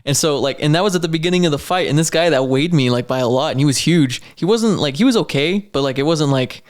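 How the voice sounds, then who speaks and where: An amateur mixed martial arts fighter from Idaho, USA, guests on a casual podcast, telling rambling stories packed with "like." His voice is fairly high-pitched, animated, and quick.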